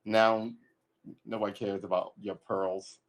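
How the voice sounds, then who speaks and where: A man's voice: on the low side, little pitch movement, unhurried. A man casually commenting on an old movie during a livestream, talking in a rambling, chatty way and often stopping to correct himself. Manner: rambling, chatty, self-interrupting. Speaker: livestream host.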